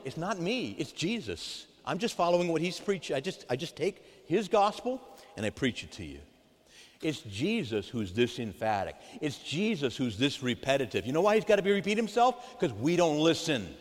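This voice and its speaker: Emphatic priest in a reverberant church. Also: male voice, a little high, big pitch swings, normal speed. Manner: emphatic, swings between loud and hushed. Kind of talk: sermon.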